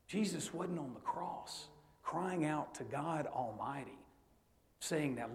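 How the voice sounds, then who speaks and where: Middle-aged male preacher, slightly high voice, storytelling sermon moving between hushed and emphatic. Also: a little slow.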